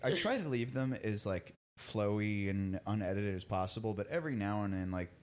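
A man's voice: on the low side, lively intonation, a little fast. A man hosting a podcast, chatting casually and telling stories with frequent laughter. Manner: chatty storyteller, laughs often. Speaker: podcast host. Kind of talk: casual chat.

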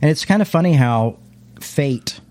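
A man's voice: on the high side, animated, unhurried, a little mellow. A man, a former pastor, reflectively telling his life story in a casual interview, meandering and often restarting his sentences.

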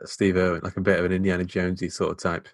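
Young male podcast co-host, Midlands accent, lowish voice, relaxed, dry close-miked sound. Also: rapid-fire, dry recording. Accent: English Midlands. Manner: laid-back, chuckles often. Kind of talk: casual film review chat.

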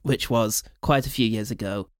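A man playing a tabletop role-playing game, describing his character in a measured, hesitant way. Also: on the low side, no room sound, clean studio sound. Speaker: player.

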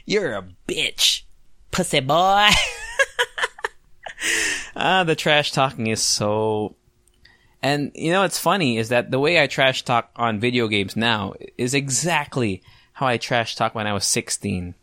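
Speaking a little slowly in a pushed, bright mid-range voice, a podcast host in his late twenties talks casually on his solo show. He swears, laughs often and makes fun of himself, and the studio-quality audio has no room sound.

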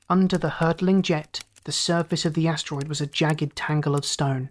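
Man reading a sci-fi story aloud. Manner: steady, measured reading that lifts in pitch for quoted speech. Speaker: audiobook narrator. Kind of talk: scripted narration of a science fiction story.

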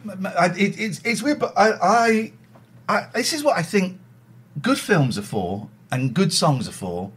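A husky man in his forties, chatting casually and jokily as a podcast host. His pitch swoops widely as he talks, and he keeps breaking into silly voices. His voice sits a little higher than most men's. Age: 40s. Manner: animated, jokey, quick to break into silly voices. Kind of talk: casual chat.

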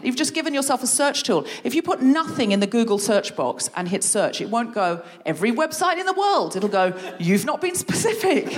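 A woman guest leading a playful creativity game for a live audience, encouraging and animated. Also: mid-range voice. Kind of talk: live comedy podcast workshop. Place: stage before a live audience.

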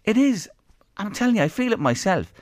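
An Irish man hosting a radio show from the studio, his voice sitting fairly high for a man. He talks earnestly and with emphasis, repeating words over and over. The sound is close and dry. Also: very animated, fairly quick, a little mellow, no echo. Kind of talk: emotional radio talk.

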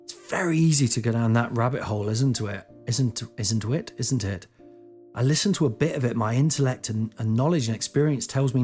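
A man's voice: mid-range voice, animated, moderate pace, darkish tone, soft background music. Frank, sweary British man. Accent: British English. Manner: frank, sweary, rambling with restarts. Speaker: comedian guest speaker. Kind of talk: candid personal monologue.

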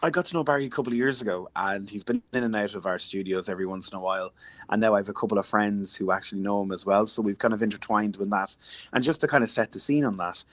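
An Irish man chatting on radio as an entertainment reporter, telling stories in a lively, anecdotal way. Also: on the low side, fast talker, no room sound, muffled recording. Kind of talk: casual radio chat.

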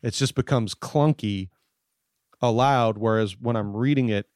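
A man's voice: medium pitch, unhurried, a little mellow, no echo, studio quality. A man talking casually as a podcast guest, rambling with many fillers and restarts. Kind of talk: casual chat.

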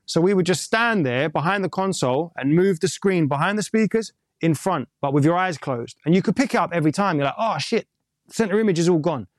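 London guy, music engineer, rambling candid interview talk, bit of swearing, slightly high voice, dry close mic. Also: animated, brisk, few pauses, no echo. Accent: London English. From England. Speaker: music producer and mix engineer. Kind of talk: casual interview chat.

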